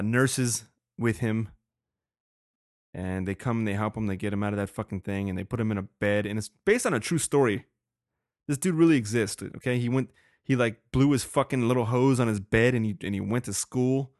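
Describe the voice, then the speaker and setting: A young man rambles through his solo podcast, cursing freely and laughing at his own asides. His voice sits at an ordinary middle pitch. It is recorded dry and close, with no room sound. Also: no room sound. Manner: profane, rambling, laughs often. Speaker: podcast host. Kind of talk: casual solo podcast talk.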